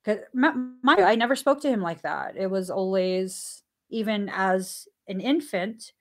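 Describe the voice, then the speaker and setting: Mom telling stories on a podcast, lively, laughs a lot, acts out the quotes. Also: female voice, a little slow. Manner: animated, laughs often while telling stories; acts out dialogue with sudden pitch jumps. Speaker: stay-at-home mom and podcast guest. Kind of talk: casual anecdotal storytelling.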